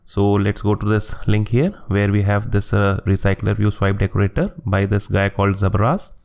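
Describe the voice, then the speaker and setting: A man's voice: on the low side, little pitch movement, moderate pace, vocal fry, a little mellow. A man narrating a screen-recorded coding tutorial, walking step by step through each click and line of code at his desk.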